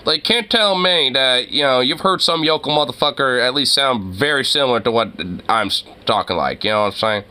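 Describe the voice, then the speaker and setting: A man with a bright, forceful voice talks in a loose, rambling rant, swearing freely and breaking into laughs. His pitch sits in a middle range for a man. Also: lively intonation, a little fast, few pauses, clear, resonant tone. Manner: rambling, profane, laughs often. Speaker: channel host. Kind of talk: casual commentary rant.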